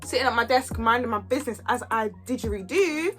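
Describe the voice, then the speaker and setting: A woman, telling a story in an animated, chatty, slangy way. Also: fairly high pitch, fairly quick, soft background music. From Kent, England. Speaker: YouTuber. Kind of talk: storytime vlog chat.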